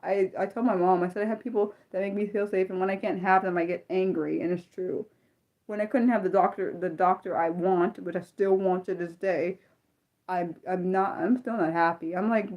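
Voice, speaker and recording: A woman's voice: fairly low pitch, fairly even intonation, measured pace, darkish tone. A young adult woman hosting an unscripted livestream, talking earnestly in a rambling way with lots of stammered restarts and reacting to viewer comments as she reads them. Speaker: livestream host.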